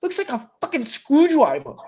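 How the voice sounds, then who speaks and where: A woman's voice: high voice, wildly swooping pitch, normal speed, dark tone, pitched above the performer's own voice. A man voicing his five-year-old daughter, a blunt girl who swears without meaning harm and insists she is right. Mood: indignant. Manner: adamant, swears casually.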